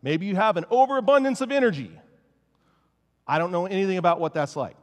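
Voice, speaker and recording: A male pastor delivers an animated, conversational sermon, jokey and self-aware. His voice sits a little above the usual male range. It carries the long, lingering reverb of a church sanctuary. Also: high voice, fast. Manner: casual, joking, animated preaching.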